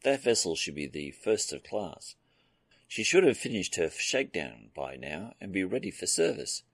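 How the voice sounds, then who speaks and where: A man's voice: low-pitched, big pitch swings, moderate pace, dry recording, full character voice. A man doing a wry veteran starship captain. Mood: sage. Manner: wry, sage, understated. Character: seasoned, knowing starship captain, male.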